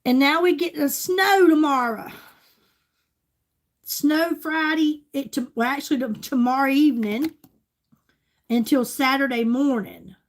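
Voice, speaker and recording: Older woman, high-pitched, gushing livestream host chat. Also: a little slow, long pauses. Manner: chatty, gushing, talks straight to viewers.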